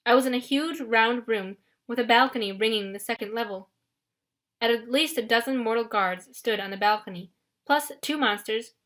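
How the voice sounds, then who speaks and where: A woman narrating a first-person audiobook in an expressive storytelling manner. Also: a little high.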